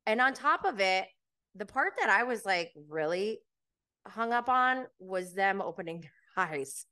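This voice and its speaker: Her mid-range voice sounds pushed and bright, expressive yet unhurried. She's a podcast host chatting casually and with animation about reality TV, laughing a lot and saying "like" constantly.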